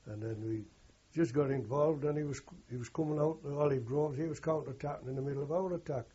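Older man, very raspy voice, rambling oral history, dull lo-fi recording. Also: fairly high pitch, fast talker, warm tone. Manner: rambling, earthy, self-correcting storytelling. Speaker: war veteran interviewee.

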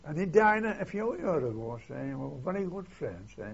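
A man's voice: fairly high pitch, sing-song, fairly quick, creaky, lo-fi sound, a little hiss or hum. An older man telling his memories in an oral history interview, in a rambling way, often tagging on "see?" and "eh?". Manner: rambling, keeps adding "see?" and "eh?". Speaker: interviewee recalling war memories.

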